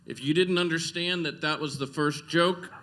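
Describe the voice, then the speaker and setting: Bright-voiced deadpan male comedian. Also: fairly high pitch, normal speed. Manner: deadpan one-liners. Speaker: stand-up comedian. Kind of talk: stand-up comedy set. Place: stage at a comedy club.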